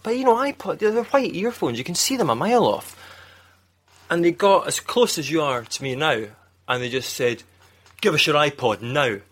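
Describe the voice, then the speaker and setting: A man's voice: a little high, very animated, moderate pace. A man with a Scottish accent telling a rambling, self-mocking story in casual chat, laughing often. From Scotland.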